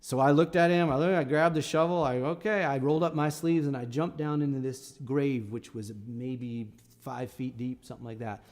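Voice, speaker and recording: A man's voice: medium pitch, fairly even intonation, moderate pace, darkish tone, in a large hall. A middle-aged man, a singer-songwriter on a live stream, telling a story in a casual and rambling way with many restarts. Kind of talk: casual spoken storytelling between songs.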